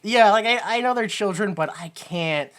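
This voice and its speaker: A woman's voice: mid-range voice, normal speed. A woman co-hosting a comedic movie-review podcast, talking casually with plenty of swearing and exaggerated acted-out quotes. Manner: animated, profane, acts out quoted lines in exaggerated voices. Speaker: podcast co-host.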